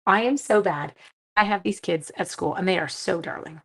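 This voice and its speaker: A woman's voice: on the low side, moderate pace, fairly bright tone, husky. A woman chatting her way through a live-stream card-making demo, self-mocking and talking to herself as she works. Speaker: seventh-grade teacher.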